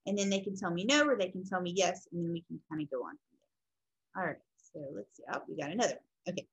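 A woman's voice: fairly low pitch, fast talker, slightly rough, dull audio. A middle-aged woman teaching counseling skills in a classroom lecture, acting out client and counselor examples as she explains. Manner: explains, then acts out client and counselor lines. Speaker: counseling instructor.

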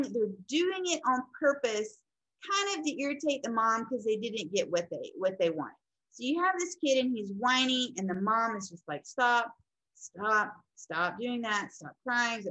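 A woman's voice: fairly high pitch, low-quality recording. A woman lecturing on counseling in an informal teaching style, acting out quoted people as she goes. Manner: animated, acts out quoted people. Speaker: counseling instructor.

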